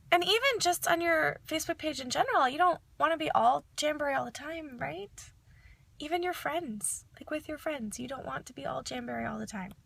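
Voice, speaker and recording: Upbeat woman consultant, bright sharp tone, casual vlog delivery. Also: high voice, gravelly, dry recording. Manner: chatty, upbeat, lots of fillers. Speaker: direct sales consultant.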